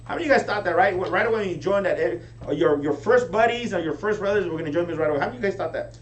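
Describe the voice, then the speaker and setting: A man giving a high-energy motivational training talk to a live audience, often checking in with them. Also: racing. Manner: energetic, keeps asking the crowd "right?". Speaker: business team leader training recruits. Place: meeting room with an audience. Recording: echoey room, distant mic, faint hum.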